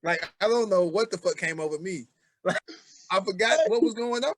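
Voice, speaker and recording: A man's voice: sits high, moderate pace, no echo. A man in his forties co-hosting a podcast, chatting casually in a laid-back way. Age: 40s. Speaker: podcast co-host. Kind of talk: casual chat.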